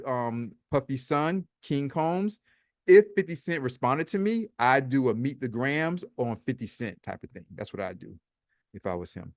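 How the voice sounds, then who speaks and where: The host of a casual commentary vlog speaks at a medium pitch, recorded in clean studio sound without any room noise. He reads posts aloud and weighs in with his own comments, sarcastic and chatty, with plenty of repetition.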